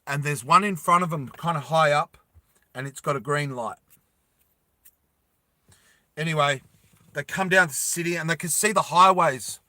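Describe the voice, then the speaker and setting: A man's voice: on the high side, pushed and bright, dry recording. A man telling a story casually to his viewers, with many fillers. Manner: slow, with fillers, addresses viewers.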